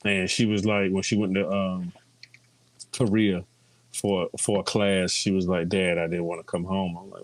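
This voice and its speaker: A man's voice: deep voice, little pitch movement, moderate pace. A middle-aged man chatting casually in a group, telling stories and quoting people. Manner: chatty storyteller, quotes others often.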